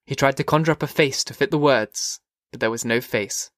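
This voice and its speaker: In a steady, measured reading, a man narrates a scripted audiobook. His voice is mid-range, and the studio-quality recording has no echo.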